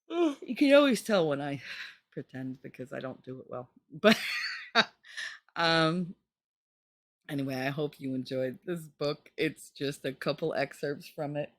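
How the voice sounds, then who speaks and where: Lively, blunt, joking woman host. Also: no echo. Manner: blunt, joking, swears freely; animated, swoops into squeaky high pitches. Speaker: channel host reading a book with commentary. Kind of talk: casual chatty commentary.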